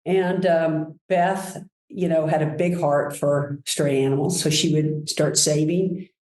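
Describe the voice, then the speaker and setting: A woman guest telling enthusiastic, animated stories about her work in a relaxed conversation. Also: low-pitched, slow, roomy sound, rough recording. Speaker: guest, brand executive. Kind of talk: conversational storytelling.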